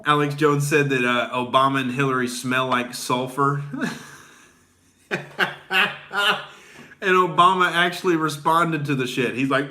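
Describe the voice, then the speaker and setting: A man's voice: mid-range voice, steady tone, unhurried, long pauses, sharp tone. A man hosting a comedy commentary show, ranting crudely and rambling with lots of filler words. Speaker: comedian host.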